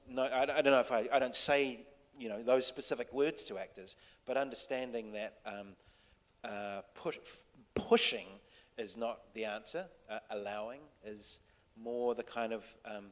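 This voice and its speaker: A New man tells a story at a panel, halting and full of fillers. His voice sits at an ordinary middle pitch. A long reverb from the hall trails after every phrase. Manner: halting, many restarts and fillers, soft-spoken. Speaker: TV director on a panel. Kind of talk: casual anecdote to an audience.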